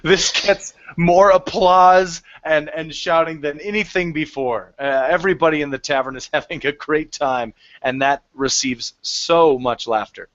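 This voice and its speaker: A man's voice: fairly high pitch, unhurried, few pauses, fairly bright tone, dry recording, highs cut off. A man acting as game master, narrating a tavern scene in a tabletop game.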